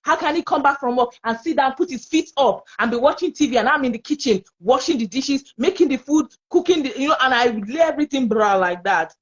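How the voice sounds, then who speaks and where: A woman with a Nigerian English accent, talking in a casual panel conversation as an expressive, laughing storyteller. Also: sits high, fairly quick, few pauses, highs cut off. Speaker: panel guest.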